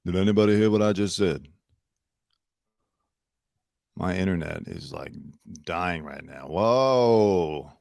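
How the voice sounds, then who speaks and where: A man's voice: low voice, expressive, slow, creaky, long pauses, darkish tone, no room sound, studio quality. A young man hosting his own news commentary show from home, chatty and sarcastic, talking into a computer mic. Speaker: host.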